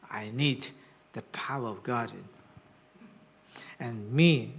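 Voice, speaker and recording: A man preaching a sermon as pastor, swinging from hushed whispers to rousing shouts. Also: mid-range voice, slow pace, pauses often, a little hiss or hum. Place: church hall.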